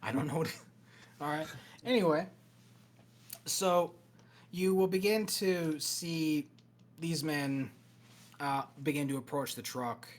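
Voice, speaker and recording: A man running a cyberpunk tabletop game as game master, narrating scenes in a steady, descriptive way with pauses. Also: on the high side.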